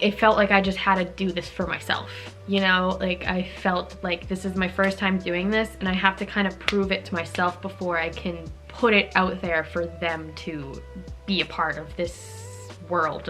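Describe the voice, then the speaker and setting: A woman's voice: on the low side, a bit bright. A young woman vlogging casually to camera, chatty and emotionally open, saying "like" a lot.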